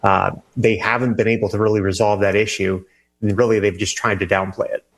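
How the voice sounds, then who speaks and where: A man, a national security reporter, answering interview questions in a measured, halting way with many fillers and restarts. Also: fairly low pitch, flat delivery, vocal fry.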